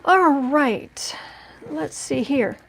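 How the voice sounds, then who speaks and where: Woman, fairly high voice, tarot reading livestream host, casual rambling chat, at home. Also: animated, extremely slow, gravelly, fairly bright tone. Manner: chatty and rambling, with many restarts and asides. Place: at home indoors.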